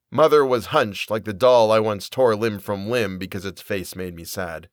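A man reading a period story aloud as narrator, in an expressive, measured way. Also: on the low side, dry recording, studio quality. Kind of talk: audiobook reading.

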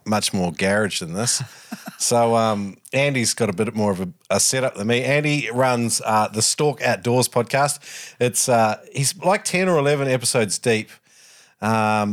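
A man with an Australian accent hosting a podcast, chatty and rambling, full of fillers and self-deprecating asides. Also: lowish voice. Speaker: podcast host. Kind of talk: casual chat.

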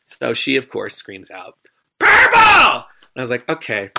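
Bright-voiced man telling a story. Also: medium pitch, a little fast, creaky. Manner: lively and dramatic, acting out the quoted lines. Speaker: stage performer and emcee. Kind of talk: animated storytelling.

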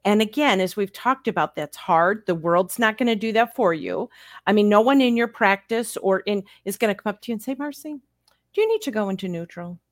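A woman co-hosting a podcast in casual chat, speaking calmly and reassuringly. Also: medium pitch, brisk, no echo, studio quality. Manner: calm and reassuring.

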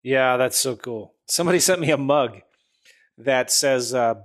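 A man's voice: medium pitch, a little slow. A man hosting a casual chat, easygoing and affirming as he shares his own stories.

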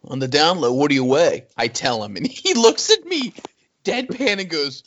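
A man co-hosting a casual podcast, talking in an animated, exclaiming, exasperated way. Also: a little high, normal speed. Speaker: podcast co-host. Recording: dull lo-fi audio.

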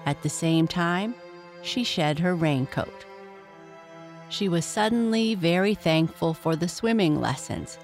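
Slow, calm bedtime storyteller. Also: medium pitch. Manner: calm, measured reading.

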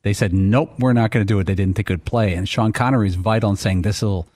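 A man's voice: lowish voice, fast, darkish tone, no echo, clean studio sound. A man co-hosting a sports talk show, speaking in an enthusiastic, conversational way. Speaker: show regular, co-host.

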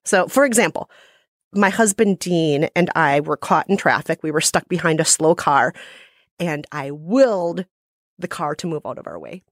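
A woman co-hosting a podcast, telling stories in an animated, self-mocking casual chat. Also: low-pitched, normal speed, dry recording, clean studio sound. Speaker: podcast co-host.

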